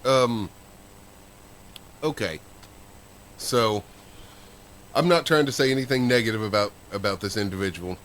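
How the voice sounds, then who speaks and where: A man's voice: on the low side, unhurried, pauses often, a bit bright. A man co-hosting a podcast, telling a story in a rambling, casual way. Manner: rambling storyteller with fillers and restarts. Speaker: podcast co-host.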